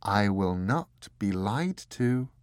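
A serene, sinister angel, as a male reader puts it on, speaking slowly and gently with a low, sliding voice. Its calm carries a cold certainty, in a dry, close storybook reading. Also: no room sound. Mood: serene, regretful. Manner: gentle and measured, slipping into unhinged fury. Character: serene, sinister fallen angel, genderless, coldly self-righteous.

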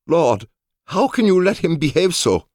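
A man's voice: fairly high pitch, big pitch swings, measured pace, a little mellow, no echo, clean studio sound, voice pushed up. A man voicing a devout, anxious young male samurai guard in an audiobook, with pleading, indignant speech. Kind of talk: audiobook character voice.

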